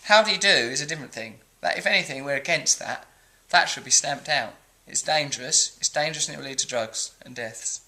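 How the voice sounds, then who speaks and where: A man in his forties with an English accent runs a comic comment segment. His voice sits a little high and sounds bright and forceful. He mixes loud mock indignation with quiet throwaway asides. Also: fairly quick, poor audio. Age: 40s. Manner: cheeky, mock-indignant, jumps between loud outbursts and mumbled asides. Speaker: host reading viewer comments.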